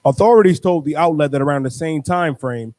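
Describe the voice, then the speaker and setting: A man reading a news article aloud as co-host, in a flat, halting way. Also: a little high.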